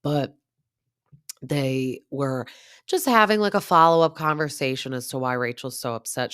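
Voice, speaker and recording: A woman's voice: low-pitched, big pitch swings, measured pace, fairly bright tone, clean tone, dry recording, studio quality. A woman in her thirties giving a chatty, gossipy recap of a reality show, full of asides and quoted lines. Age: 30s. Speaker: podcast host.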